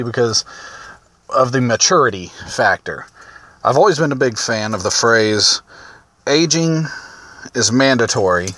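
A man's voice: medium pitch, fairly bright tone. Rambling man telling a funny story. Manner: rambling and self-amused, with many restarts and chuckles. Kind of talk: casual storytelling.

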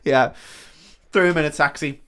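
A man's voice: a little high, moderate pace, a bit bright, smooth. A man co-hosting a comedy podcast, casually retelling a film plot with swearing and frequent laughter. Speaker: podcast co-host.

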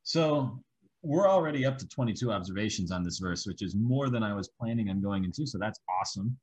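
Bible study teacher, male, husky and low, walks through examples step by step. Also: animated, a little fast, a little mellow, low-quality recording.

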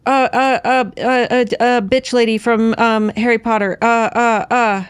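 A woman's voice: on the high side, little pitch movement, measured pace, clear, resonant tone, no room sound. A woman co-hosting a casual podcast about a book series, chatting in a rambling way with many restarts. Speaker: podcast co-host. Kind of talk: casual chat.

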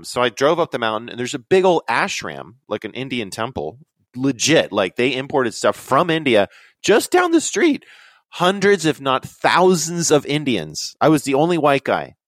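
A young man telling rambling, excitable stories on a podcast, his voice leaping up high when he quotes himself. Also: normal speed, dry recording. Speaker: podcast guest. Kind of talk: casual storytelling chat.

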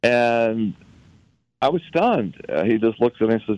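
A man from Utah, a guest recounting a personal story in conversation, halting and often repeating words as he recalls events. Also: medium pitch, sing-song, a little mellow, dry recording, highs cut off.

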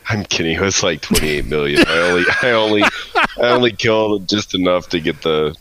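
A man's voice: low voice, a little fast, background noise. A man joining a game voice chat as a guest and joking around casually.

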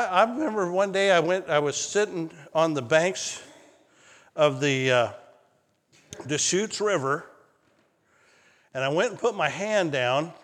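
A man preaching a sermon as pastor, telling stories in an animated way that climbs high when excited. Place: church sanctuary. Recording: long hall reverb.

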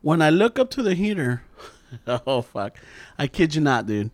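Animated man telling a spooky story. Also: a little high, unhurried, no echo. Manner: animated storytelling, swearing, mixes in Spanish. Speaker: storyteller guest. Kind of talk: casual chat.

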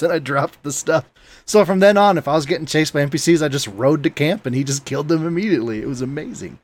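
A man's voice: a little high, fast, dry recording. A man co-hosting a podcast, telling stories in a casual, laughing way and reading listener emails. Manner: laughing, animated storytelling. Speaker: podcast co-host. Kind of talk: casual chat.

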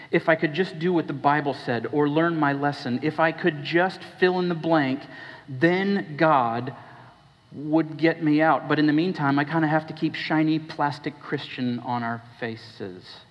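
A man preaching a sermon as pastor, talking with the congregation and asking them questions, his voice dropping low and then rising. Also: a little slow. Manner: conversational, questioning the congregation, shifting between hushed and raised. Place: church hall. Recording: dull recording with long hall reverb.

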